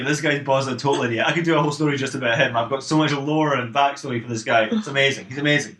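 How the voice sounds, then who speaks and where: Giggly male host, fast rambling comic narration, echoey room. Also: medium pitch, steady tone, noisy background. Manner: rambling, giggly, jumps into silly character voices. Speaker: podcast co-host reading fan fiction. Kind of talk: comedic improvised storytelling.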